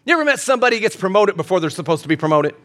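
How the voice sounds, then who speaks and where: A man's voice: high voice, big pitch swings, rapid-fire, a bit bright. A pastor preaching a sermon in a church service, emphatic and repetitive, with his intensity building as he goes. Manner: emphatic preaching with repeated phrases and rising intensity.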